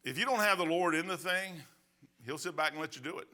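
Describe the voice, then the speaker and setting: A man's voice: a little high, fast talker, bright, forceful tone. A man in his sixties preaching a sermon as pastor, telling folksy stories with emphatic asides. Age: 60s.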